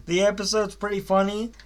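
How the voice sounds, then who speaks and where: A young man giving a casual, rambling spoken review of a cartoon series, with frequent fillers, restarts and blunt swearing. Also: high voice.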